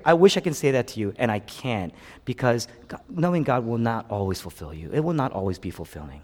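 A man's voice: sing-song, brisk. Dynamic preaching man in a reverberant hall. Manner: dynamic preaching, swinging between loud exclamations and hushed lows. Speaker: pastor. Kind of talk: sermon.

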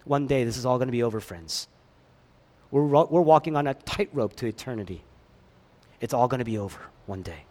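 A pastor preaching a sermon, swinging between loud emphatic lines and hushed ones, with chatty asides to the congregation. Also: male voice, medium pitch, animated, a little fast, pauses often.

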